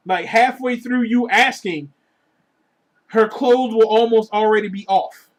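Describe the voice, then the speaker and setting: Crude, animated man ranting on a vlog. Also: high voice, normal speed. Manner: crude, profane, joking; animated, swings between loud and muttered asides. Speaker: vlogger. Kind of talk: casual rant to camera.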